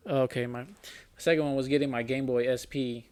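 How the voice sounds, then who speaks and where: A man's voice: mid-range voice, steady tone, brisk, a little mellow, clean tone. A young man in his twenties, a podcast co-host, telling stories in casual chat among friends, loose and profane, full of "like" and "bro", rambling with many restarts.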